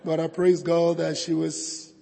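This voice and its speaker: A hoarse man preaching as a guest pastor, earnest and thankful, building to emphatic peaks. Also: fairly high pitch, level tone, unhurried, mellow. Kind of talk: sermon. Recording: reverberant church hall.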